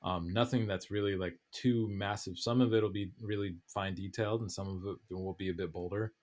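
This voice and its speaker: Man, podcast guest, enthusiastic explaining, low pitch, casual chat. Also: steady tone, fairly quick, a little mellow. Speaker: guest craftsman.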